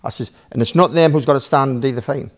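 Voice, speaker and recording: A man's voice: medium pitch, fast. A man with a Geordie accent, a podcast guest telling a long story with lots of swearing, rambling asides and acted-out back-and-forth dialogue. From Newcastle, England. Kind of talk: casual storytelling.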